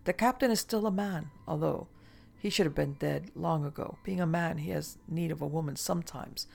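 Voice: mid-range voice, moderate pace, vocal fry, darkish tone, a little hiss or hum. A reader doing a weary, emotionless ageless woman. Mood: wry. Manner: detached, languid, world-weary.

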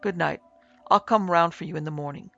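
A man's voice: a little high, a little fast, gravelly, a bit bright, muffled recording, faint music behind. A man reading a blunt, matter-of-fact host. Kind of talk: audiobook character reading.

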